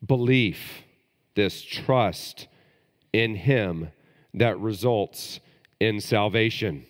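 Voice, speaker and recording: A man preaching a sermon as pastor, animated and rising to emphatic bursts. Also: mid-range voice. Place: church sanctuary. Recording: long hall reverb.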